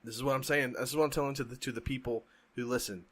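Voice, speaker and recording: A man's voice: mid-range voice, steady tone, very fast, husky. A man co-hosting a podcast in casual chat, talking emphatically and ranting with strong opinions. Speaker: podcast co-host.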